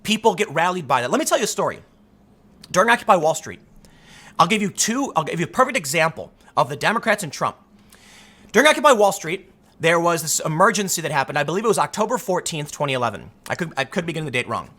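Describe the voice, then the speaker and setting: A man's voice: fairly high pitch, very animated, quick pace, pushed and bright. A man hosting solo political commentary, talking emphatically and arguing his point. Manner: emphatic, argumentative, acts out quotes in other voices.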